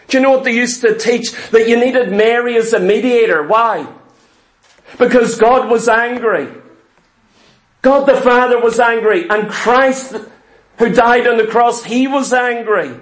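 A man's voice: very high-pitched, a bit bright, rough recording. A man preaching a sermon, repeating key words and asking the congregation questions.

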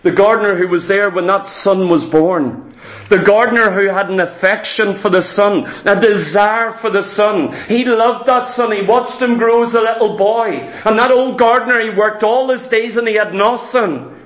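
A man, pitched very high, preaches a sermon in emphatic, repeating phrases. The sound rings around an echoey hall. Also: normal speed, a bit bright. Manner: storytelling, repetitive, emphatic.

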